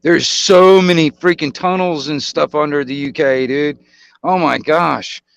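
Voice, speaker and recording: An American man hosting a casual call, halting and filler-heavy, with slang like "dude". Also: fairly high pitch, gravelly. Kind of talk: casual chat on a video call.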